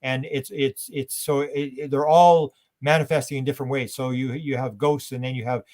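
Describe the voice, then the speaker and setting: A man's voice: mid-range voice, steady tone, moderate pace, a little mellow. A man from Canada, a guest in an interview, who rambles animatedly and acts out quotes.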